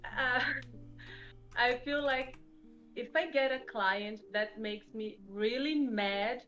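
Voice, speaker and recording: A woman's voice: a little high, slow pace, a bit bright, highs cut off, soft background music. A woman guest designer chatting casually, often laughing and restarting her sentences. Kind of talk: casual chat.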